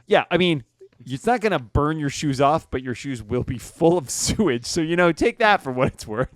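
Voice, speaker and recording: A man's voice: fairly high pitch, moderate pace, no echo. Guy running a d&d game, easygoing, laughs a lot, dry close sound. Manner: relaxed, chatty, laughs often. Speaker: game master. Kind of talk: narrating a tabletop game.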